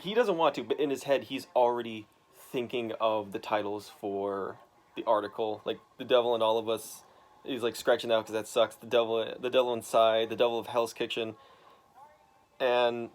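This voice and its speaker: A young man casually retelling a comic book story to his father, halting and full of restarts. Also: medium pitch. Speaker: son explaining a comic to his dad.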